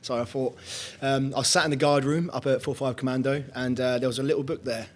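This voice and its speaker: Brisk flat-voiced man, podcast guest. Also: medium pitch. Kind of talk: live podcast conversation. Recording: faint ambient noise, live event.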